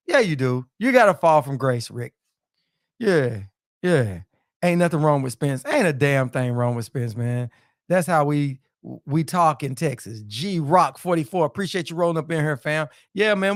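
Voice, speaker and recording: A man's voice: on the high side, dry recording, studio quality. A man hosting a casual live-stream boxing chat, loose and repetitive, dropping "man" and "you know" into nearly every sentence. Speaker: boxing talk show host.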